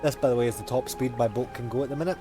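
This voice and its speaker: A man's voice: mid-range voice, racing, over music. A man casually commenting while playing a game, muttering and swearing now and then. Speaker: gamer.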